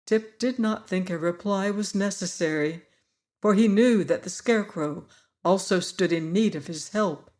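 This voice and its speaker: A man narrating an audiobook in a measured, even storytelling manner. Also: high voice. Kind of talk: scripted narration.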